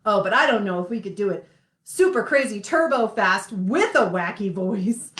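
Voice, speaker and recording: A woman's voice: medium pitch, lively intonation, normal speed, fairly bright tone. A young woman hosting a playful children's sing-along class, encouraging and laughing often. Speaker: children's music class host. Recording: roomy echo.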